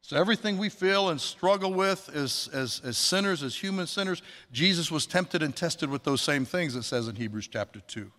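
A man preaching a sermon, earnest, slowing down to stress words and quoting scripture. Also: on the high side, animated, pushed and bright. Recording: long hall reverb.

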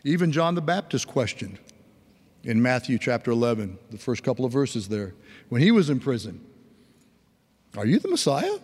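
A man's voice: mid-range voice, expressive, brisk, darkish tone, in a large hall. A man preaching a sermon in an earnest, conversational way, with folksy asides. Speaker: pastor.

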